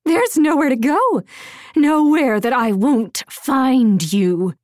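Narrator puts on a mocking, hissing villainess, slow and gloating, dry close sound. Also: female voice, mid-range voice, vocal fry, dark tone, husky, no room sound, exaggerated voice. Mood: menacing. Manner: taunting, hissing, singsong. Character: vengeful female villain, prowling and mocking.

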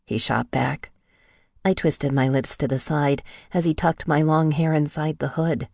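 A woman narrating a novel in the first person, with a steady storytelling read into a close mic. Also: sits low, normal speed, no echo. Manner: even storytelling read, lightly acting out the heroine's lines. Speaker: audiobook narrator.

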